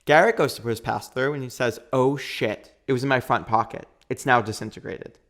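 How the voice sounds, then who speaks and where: A man in his thirties, a podcast guest, telling a long story in a lively, quick way and acting out what people said. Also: mid-range voice. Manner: animated, quick storytelling with acted-out quotes. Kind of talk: storytelling in a casual interview.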